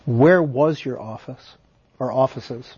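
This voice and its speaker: A man's voice: medium pitch, takes it slowly, darkish tone, slightly rough. A man interviewing a guest with short, direct questions, heard on dull lo-fi audio.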